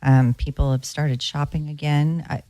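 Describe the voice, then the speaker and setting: A woman's voice: deep voice, fairly even intonation, moderate pace, mellow, dry recording. A woman co-hosting a radio show about real estate, chatting casually with many fillers and restarts. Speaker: co-host, real estate broker.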